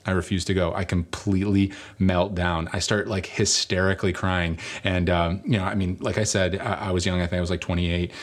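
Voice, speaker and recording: A man preaching a sermon, telling a personal story in a lively way and joking about himself. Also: low-pitched, a little fast, hardly any pauses. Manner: animated storytelling, self-mocking humor. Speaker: pastor.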